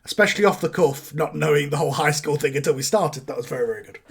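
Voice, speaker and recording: A man's voice: fairly high pitch, fast talker, breathy edge. A man running a tabletop wrestling game as game master, talking casually and thinking aloud.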